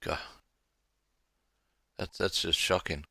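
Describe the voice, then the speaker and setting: Bright-voiced male interview host. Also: sits low, fairly even intonation, slow, gravelly. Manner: reactive, stammers on restarts. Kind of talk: live interview.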